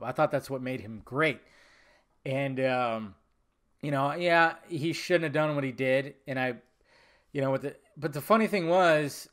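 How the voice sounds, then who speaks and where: A man's voice: on the high side, fairly bright tone. Man rambling casually on a podcast. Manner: rambling, casual, profane, laughs often. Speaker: podcast host. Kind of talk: solo podcast monologue.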